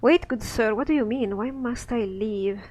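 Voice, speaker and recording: A naive young woman, lost and pleading, read by a man in his own voice, speaking in earnest rhyming lines. The pitch is fairly high. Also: normal speed, a little mellow, rough recording. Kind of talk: reading a scripted play aloud.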